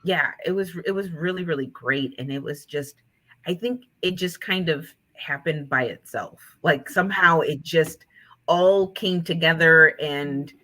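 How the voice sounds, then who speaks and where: A woman with a low voice and a bright, forward tone tells stories in a relaxed interview. She speaks in a lively way and acts out her students' lines as she goes. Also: unhurried. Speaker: author and teacher. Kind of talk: conversational interview storytelling.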